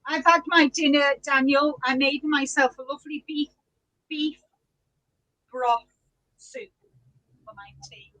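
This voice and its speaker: A woman's voice: high-pitched, steady tone, unhurried, long pauses, sharp tone, low-quality recording. A woman hosting a casual live-stream chat, greeting viewers by name and laughing often. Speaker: podcast host reading live chat.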